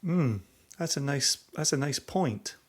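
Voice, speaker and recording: A man's voice: fairly high pitch, expressive, a little slow, slightly rough. A man co-hosting a podcast in casual chat, teasing his co-host while reminiscing and chuckling.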